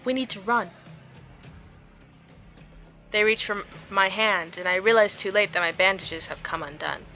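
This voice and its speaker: A woman's voice: mid-range voice, steady tone, a little fast, bright, forceful tone, faint music behind. A woman reading a visual novel aloud, dramatizing the story and breaking off into giggly asides. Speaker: game streamer.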